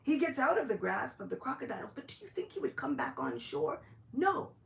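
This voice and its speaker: A woman's voice: a little high, fairly quick, vocal fry. A woman giving a devotional lecture, telling a story and acting out each character's lines in quoted voices. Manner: animated, acts out dialogue in quoted voices.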